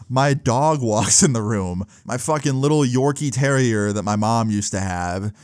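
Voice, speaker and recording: Young adult male, relaxed storyteller, slangy and profane, mid-pitched, dry close sound. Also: no room sound. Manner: laid-back, filler-heavy with frequent "like" and swearing. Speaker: vlogger. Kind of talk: casual storytime.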